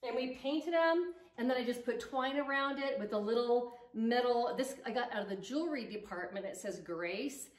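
An enthusiastic woman with a fairly high voice chats about her decor projects while arranging them. She sits back from the mic in an echoey room, with a faint hiss behind her. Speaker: home decor DIY vlogger. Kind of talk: chatty decorating vlog. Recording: roomy echo, distant mic, faint noise.

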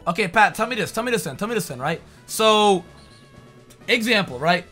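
A man bantering over a video game, excitable, goofy and teasing his co-host. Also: high voice, normal speed, faint music behind. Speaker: gaming co-host. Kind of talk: casual gameplay banter.

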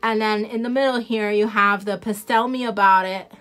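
Speaking at a normal speed with medium pitch, fairly even intonation and a fairly bright tone, this independent nail product seller talks in a New Jersey accent. She rambles and laughs easily as she presents nail products to viewers in a casual live showcase.

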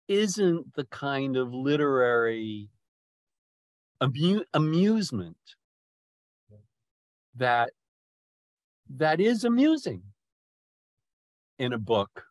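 Slow, halting man leading a poetry talk. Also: fairly high pitch, lively intonation, no room sound. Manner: slow, restarting often, lingering over words. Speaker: poetry discussion leader. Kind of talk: thoughtful discussion, halting.

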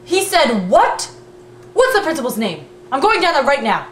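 A woman acting a brisk, take-charge phone call in a home comedy skit. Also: high-pitched, very animated. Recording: echoey, distant, noisy home recording.

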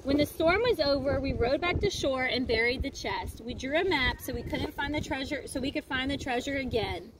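Woman reading a kids book out loud by the lake, high bouncy voice, noisy outdoor sound. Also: fairly quick, hardly any pauses. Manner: lively, expressive storytelling. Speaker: storybook reader. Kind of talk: reading a picture book aloud. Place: outdoors at a lakefront.

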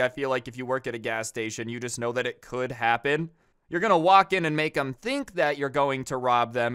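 A man's voice: mid-range voice, a bit bright, smooth, no echo, clean studio sound. A young man telling storytime tales in a casual, sarcastic, exasperated ranting way. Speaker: storytime YouTuber.

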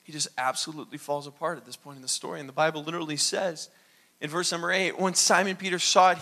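Guy pastor preaching, high bright voice, super animated. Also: quick pace, creaky. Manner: animated preaching, acts out dialogue. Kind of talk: sermon.

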